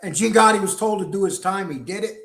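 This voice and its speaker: Guy with a high voice cohosting, echoey room, keeps agreeing. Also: quick pace, gravelly, fairly bright tone. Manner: agreeable, chiming in. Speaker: co-host. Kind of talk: casual live-stream talk.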